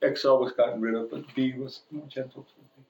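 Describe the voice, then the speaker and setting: A man's voice: medium pitch, steady tone, fairly quick, warm tone, lo-fi sound, slight background noise. A man preaching a sermon, telling funny stories about himself and chuckling as he goes. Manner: joking, chuckles at his own stories. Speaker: pastor. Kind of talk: sermon with personal anecdotes. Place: church sanctuary. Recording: echoey church room.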